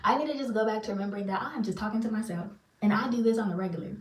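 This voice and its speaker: A woman's voice: medium pitch, rapid-fire, a little mellow. Woman, spiritual reader, casual rambling chat, filler-heavy, echoey room, distant mic. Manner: chatty, loose and self-deprecating, filler-heavy. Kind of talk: casual rambling monologue to viewers. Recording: roomy sound, far from the mic.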